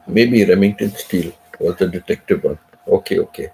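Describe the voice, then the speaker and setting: A middle-aged man hosts a live stream in easy, rambling chat, circling back to repeat himself and tossing in frequent asides. His voice sits very low with a gravelly, fry-heavy edge, and he sounds a little under the weather. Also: fairly quick, darkish tone, a little hiss or hum. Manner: rambling, repeats phrases, many "you know" asides. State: unwell, recovering from sickness. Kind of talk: casual chat.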